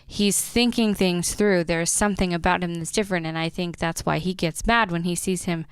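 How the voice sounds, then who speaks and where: Smooth, low-toned woman. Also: moderate pace, no room sound, studio quality. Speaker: podcast co-host. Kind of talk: casual chat.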